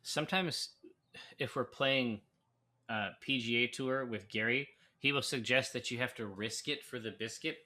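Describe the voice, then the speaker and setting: A man's voice: medium pitch, moderate pace, bright, forceful tone. A man co-hosting a live brewing stream, chatting casually with many fillers and restarts. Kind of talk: casual chat while reading viewer comments.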